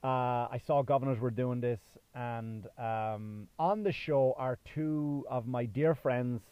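This is a slow, clear, resonant mid-range voice from a thirtysomething stand-up from Ireland whose accent has softened from long US residence. Alone on his own podcast, he chats casually and meanders, leaning on fillers and restarts. There's no echo, though the high frequencies are cut off.

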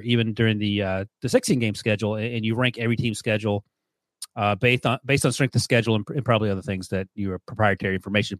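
Fast-talking man hosting a sports podcast. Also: medium pitch, fairly bright tone, no echo. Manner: quick, teasing, asks long winding questions. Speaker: sports writer and podcast co-host. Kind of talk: casual podcast analysis.

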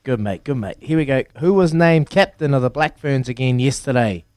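A man's voice: mid-range voice, a little fast, a little mellow, no room sound. A man with a New Zealand accent hosting a breakfast radio quiz, upbeat as he counts down and teases callers.

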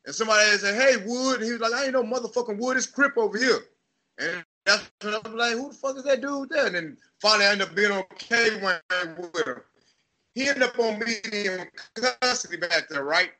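A man in his thirties with a Texas accent, hosting a casual chat and telling profane, animated stories about his past. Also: sits high, fairly quick. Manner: profane, animated storytelling, acts out voices. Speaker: podcast host.

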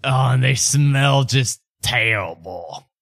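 A man voicing a sheepish, bumbling older husband in a tabletop game, slow and rambling. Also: mid-range voice, lively intonation, vocal fry, a bit bright, dry recording, clean studio sound, heavily acted. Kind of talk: tabletop role-play voicing.

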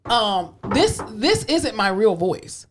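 A young woman co-hosting a podcast, bantering in casual chat with quick jokey asides. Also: mid-range voice, very animated, noisy background. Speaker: podcast co-host and physical therapist.

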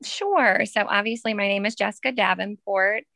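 A woman's voice: mid-range voice, moderate pace, creaky, pushed and bright, dry recording. A woman in her thirties, a guest on a casual interview, telling a story in a chatty way with frequent ums and laughs. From Maryland, US. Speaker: podcast guest, first grade teacher.

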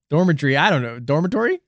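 A man co-hosting a comedic paranormal podcast, jokey and theatrical, swinging his pitch around for effect. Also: no echo, studio quality. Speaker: podcast co-host.

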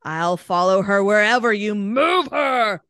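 A woman's voice: mid-range voice, animated, measured pace, no echo, studio quality, natural voice. A woman voicing a boastful, threatening male talking mongoose spirit, reading his words dramatically. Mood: menacing. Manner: dramatic quoted read-out, rising to a shout.

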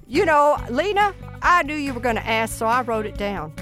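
A woman in her sixties, a mother of ten, telling family stories in an earnest, animated way with laughs along the way. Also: a little high, moderate pace, faint music behind. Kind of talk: personal storytelling in an interview.

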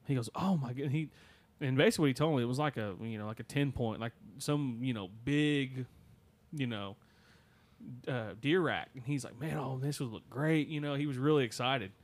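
A man's voice: mid-range voice, moderate pace. Rambling man telling a spooky story. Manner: rambling, many fillers and restarts. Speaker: podcast co-host. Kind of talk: casual storytelling.

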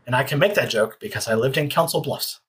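Husky, joking podcast host. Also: medium pitch, fast talker. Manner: joking, easygoing. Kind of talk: casual podcast chat.

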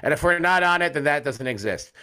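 An American man hosting a college sports fan podcast signs off loosely, rambling and joking with lots of fillers and free swearing. His voice is on the high side, expressive, fast, bright and forceful.

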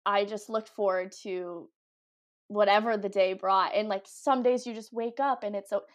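A young woman chatting casually as a guest, upbeat and talkative. Her speech is full of "like" and little fillers, and her pitch sits in an ordinary middle range. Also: steady tone, moderate pace. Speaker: guest, cruise ship ice skater. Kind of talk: casual interview chat.

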